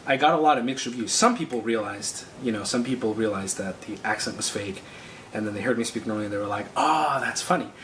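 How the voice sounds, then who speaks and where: A man's voice: lowish voice, fairly even intonation, fast, recorded from a distance, noisy background. A young man telling the story of his own prank in a joking, comic vlog narration.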